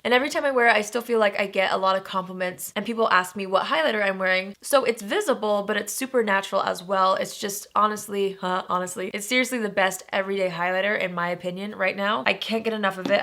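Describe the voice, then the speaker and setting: Woman doing a makeup favorites vlog, bright voice w/ some vocal fry, gushy. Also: medium pitch. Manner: enthusiastic, gushing. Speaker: beauty vlogger. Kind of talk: casual product review.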